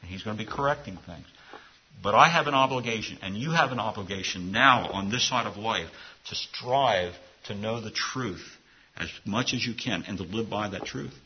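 A man's voice: lowish voice, moderate pace, dull audio, a little hiss or hum. A man preaching a sermon to his congregation in an earnest, conversational way, often restarting his phrases. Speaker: pastor.

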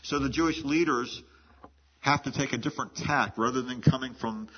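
A man's voice: medium pitch, moderate pace, slight background noise. A man preaching an expository sermon in a conversational teaching manner, often restarting and repeating words mid-sentence. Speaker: pastor. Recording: muffled lo-fi sermon recording.

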